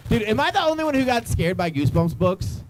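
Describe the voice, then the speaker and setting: A man's voice: high voice, sing-song, fast, poor audio. A young man doing stand-up comedy in a small club, rambling loosely and teasing the crowd.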